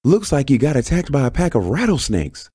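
A man voicing a fierce, bossy woman who scolds loudly in a raised, high voice. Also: sing-song, brisk, breathy edge, dry recording, studio quality. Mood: scolding.

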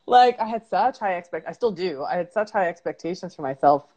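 Woman life coach, interview guest, earnest storyteller, lower pitch. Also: expressive, fast, a little mellow, husky. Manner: earnest, storytelling, self-reflective. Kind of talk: conversational interview.

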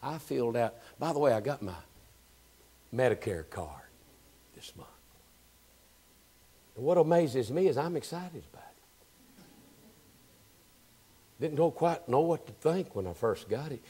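A man preaching a sermon as pastor. He moves between hushed, almost whispered lines and loud, emphatic, repeated phrases. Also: medium pitch, animated, unhurried, pauses often, husky. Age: 60s. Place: church.

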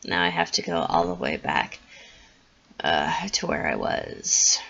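A woman casually commenting on a video game while reading its text aloud, chatty and quick to apologize, with game music behind. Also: very deep voice, wildly swooping pitch, creaky, fairly bright tone, muffled recording. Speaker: gamer. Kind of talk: casual let's-play commentary.

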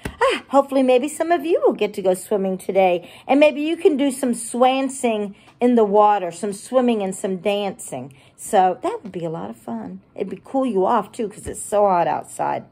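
A preschool teacher reading a picture book aloud to young children, animated and gushing as she talks to them. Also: medium pitch, moderate pace.

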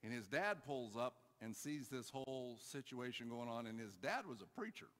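A man preaching a sermon, telling a story and urging his church, moving between loud calls and quiet asides. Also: mid-range voice, lively intonation, normal speed, big-room sound. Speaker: pastor. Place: church hall.

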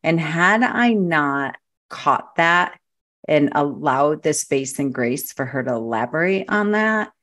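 A woman with a notably low voice speaks as a guest on a podcast. She tells stories in an animated, chatty way, often restarting her sentences as she goes. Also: slow. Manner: animated storyteller, frequent restarts. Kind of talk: casual interview chat.

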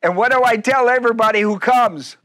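A man's voice: extremely high pitch, a little fast, pushed and bright. A man pastor preaching a sermon, acting out biblical speakers in first person with humor and frequent laughter.

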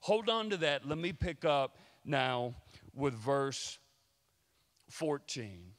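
A man's voice: mid-range voice, very animated, takes it slowly. A male pastor preaching a sermon, addressing the congregation with emphatic repeated rhetorical questions, in a church sanctuary. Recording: long church reverb.

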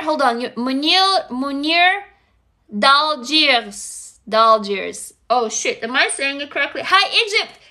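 Bright high-voiced woman livestreaming, from Russia. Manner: energetic, swears freely, greets viewers. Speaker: livestream host. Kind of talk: casual livestream chat.

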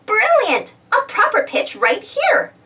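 A woman voicing an excitable young female cement mixer machine in a storybook reading, squealing and excited. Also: very high-pitched, takes it slowly, distant mic, pitched above the performer's own voice, heavily acted.

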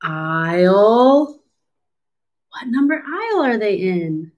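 A woman's voice: mid-range voice, very animated, a little mellow, lo-fi sound. A woman, a speech therapist, reading a picture book to children and asking them encouraging questions. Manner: slow, encouraging, asks the listener questions. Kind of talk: children's storybook read-aloud lesson.

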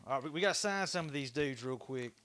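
A man hosting a casual livestream from his workshop, chatty and excitable, swearing casually as he talks to viewers. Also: medium pitch, fast talker, a little hiss or hum. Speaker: livestream host. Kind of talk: casual livestream chat while woodturning.

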